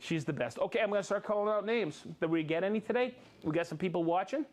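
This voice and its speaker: An upbeat American man hosting a live stream, chatting casually and joking. His voice sits fairly high for a man. He rattles off names with easy energy. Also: lively intonation, fast talker. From United States. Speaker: livestream host.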